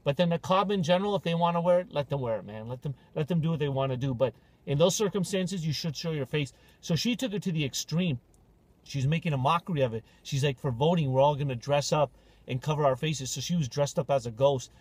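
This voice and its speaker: A man's voice: on the high side, quick pace, dry recording. A man hosting a podcast, telling stories in casual, joking banter. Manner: animated, joking storyteller. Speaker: podcast host.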